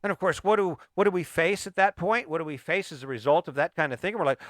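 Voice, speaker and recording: Emphatic middle-aged man, bright voice. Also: a little high, fast talker, few pauses, no echo, studio quality. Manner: emphatic, repeats rhetorical questions, restarts phrases. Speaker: podcast host. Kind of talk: motivational podcast monologue.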